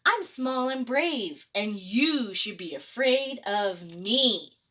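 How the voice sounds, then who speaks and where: A woman voicing a small, brave, calm hen in a storybook reading. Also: fairly high pitch, slow, heavily acted. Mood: plucky.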